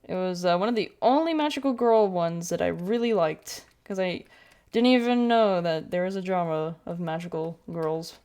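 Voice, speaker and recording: Chatty young woman with a low voice. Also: lively intonation, moderate pace, darkish tone, clean tone. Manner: rambling and chatty, with many fillers and self-corrections. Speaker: streamer. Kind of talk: casual chat while drawing on a livestream.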